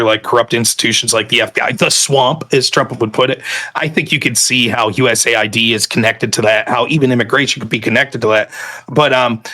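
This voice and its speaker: A man on a panel who talks in a blunt, profane and animated way. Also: medium pitch. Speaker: panelist and streamer. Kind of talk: casual panel discussion.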